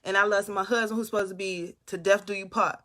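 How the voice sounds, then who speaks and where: A woman on a casual live stream, talking loud and animated straight to her viewers, giving them a pep talk. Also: medium pitch, fast. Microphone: phone or webcam.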